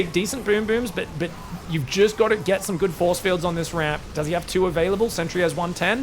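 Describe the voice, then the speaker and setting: A man from Australia putting on a British accent, casting a live game with jokey, excitable commentary that jumps into loud exclamations. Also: sits high, a little fast, a little hiss or hum. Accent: put-on British over Australian. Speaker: esports caster.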